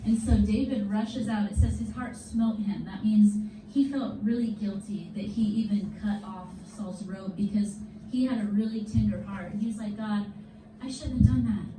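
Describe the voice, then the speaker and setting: A woman teaching a children's Bible lesson in a church classroom, telling the story in an animated, casual way with props. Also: mid-range voice, moderate pace, hardly any pauses. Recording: roomy, distant mic, faint background noise.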